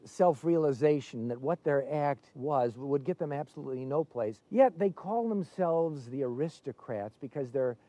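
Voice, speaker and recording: Dark-toned man, thoughtful. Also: fairly high pitch, animated, no echo. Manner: thoughtful, measured. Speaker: entertainer interviewee. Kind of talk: reflective interview.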